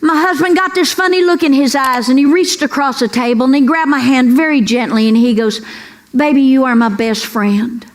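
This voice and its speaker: A woman's voice: sits high, a little fast, few pauses. A middle-aged woman from Kentucky with a Southern accent, doing a brash, folksy stand-up routine full of Southern slang. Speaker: stand-up comedian. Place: comedy club stage before a laughing audience. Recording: live club recording with crowd noise.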